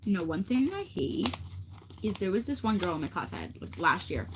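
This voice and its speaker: A woman's voice: medium pitch, sing-song, brisk. A teenage girl livestreaming, chatting casually and rambling with lots of fillers. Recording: noisy stream audio.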